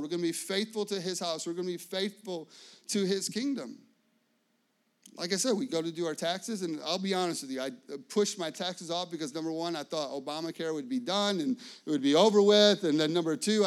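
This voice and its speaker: A man preaching a sermon, telling a personal story with lively acted-out dialogue and frequent fillers. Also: on the high side. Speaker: pastor.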